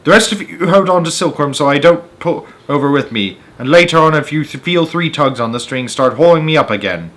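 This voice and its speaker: A man voicing a brave young boy who shouts urgent calls in a storybook reading. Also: lively intonation, fairly quick, few pauses. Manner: urgent high-pitched calls.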